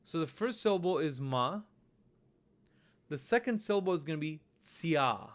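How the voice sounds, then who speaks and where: A man narrating a recorded lesson over slides, explaining each step slowly and patiently. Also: a little high, animated. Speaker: language teacher.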